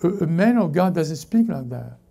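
Male pastor preaching in church, deep mellow timbre, stop-start delivery that corrects itself as it goes. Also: very animated, creaky, breathy edge. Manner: halting, self-correcting preaching with many restarts. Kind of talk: sermon. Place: church service before a congregation.

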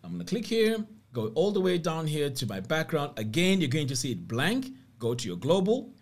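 Lively man walking through a tutorial. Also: fairly high pitch, slightly rough. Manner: step-by-step instructional, upbeat about features. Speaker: web design tutor. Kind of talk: screen-recorded software tutorial.

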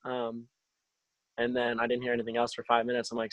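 A young man sharing a personal faith testimony over a video call, halting, with many restarts and fillers. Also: medium pitch, completely flat delivery, a bit bright, no room sound, low-quality recording. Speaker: testimony speaker.

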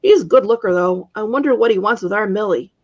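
A woman reading aloud, voicing a cranky, raspy old witch who snaps and scolds. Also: mid-range voice, animated, fast talker, darkish tone, highs cut off, close to an everyday voice. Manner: snappish, scolding.

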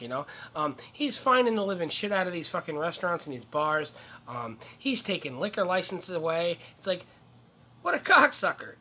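A man rants to a phone camera, swearing hard and rambling between heated outbursts. His voice sits a bit high and sounds bright and tense. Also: slightly rough. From upstate New York. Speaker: comedian. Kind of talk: profane ranting monologue. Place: in or near a truck.

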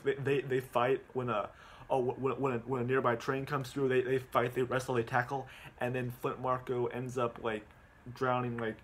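A man of ordinary pitch talks through a movie plot in a loose, rambling way. He keeps restarting his sentences and fills the gaps with ums and repeated words. He is speaking at home, and a faint hiss sits under his voice. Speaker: movie recap vlogger. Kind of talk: casual rambling movie recap.

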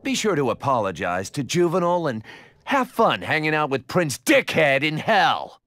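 A cocky assassin with a lively voice. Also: male voice, on the high side, normal speed. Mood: mocking. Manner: mocking, cocky taunts. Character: cold, swaggering male assassin taunting a foe.

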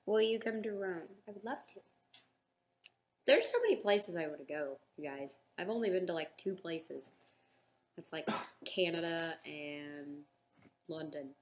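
A woman's voice: fairly low pitch, unhurried, long pauses, slight background noise. A young woman hosting a casual live fan chat, reading out questions and answering them in an upbeat, chatty way.

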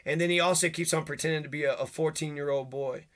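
A man in an agitated, profane rant, throwing accusations and rhetorical questions. His voice sits a little high and comes out bright and cutting. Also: fairly even intonation, quick pace. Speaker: vlogger. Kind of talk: angry rant to camera.

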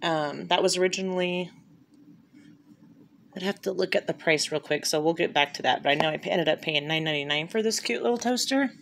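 A woman's voice: on the low side, a little fast, creaky, fairly bright tone, a little hiss or hum. A woman chatting casually through a shopping haul and reading off prices, filmed on a handheld phone at home. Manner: chatty, upbeat, reads off prices. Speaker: vlogger showing a shopping haul. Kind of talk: casual haul video chat.

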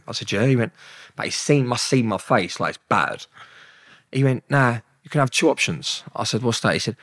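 A man's voice: medium pitch, a bit bright, no echo, clean studio sound. A man with a London accent, a guest telling stories in an interview, blunt and slangy, swearing often and acting out what people said. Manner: blunt, slangy, swears a lot, acts out dialogue. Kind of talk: storytelling in an interview.

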